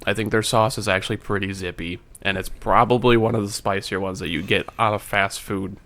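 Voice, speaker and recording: A man's voice: lowish voice, fairly even intonation, fairly quick, bright, forceful tone. A man co-hosting a casual food tasting chat, joking and playful. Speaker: co-host.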